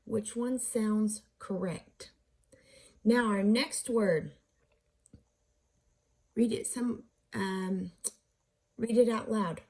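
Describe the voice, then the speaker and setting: A woman teaches a phonics lesson in an unhurried, patient way, asking questions and answering them herself. Her voice is mellow and slightly husky, and she sounds out syllables slowly. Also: mid-range voice. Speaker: reading teacher.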